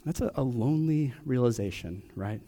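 A young adult man preaching a personal sermon, asking question after question with long pauses. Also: medium pitch, expressive, dark tone. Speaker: pastor.

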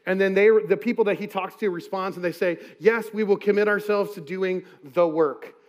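A male pastor delivers a sermon in a conversational, earnest way. His voice sits notably high for a man, and he slips into quoted asides as he talks. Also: normal speed.

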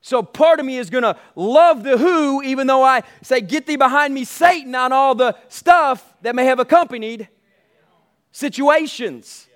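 High-voiced man preaching emphatically. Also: measured pace, clean tone. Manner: emphatic, repetitive preaching with call to the congregation. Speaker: pastor. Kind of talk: sermon.

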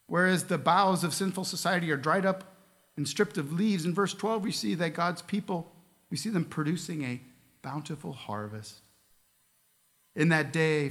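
In a church with the long reverb of a large hall, a male pastor reads scripture aloud and asks the congregation earnest questions. His voice is a little high and a bit bright.

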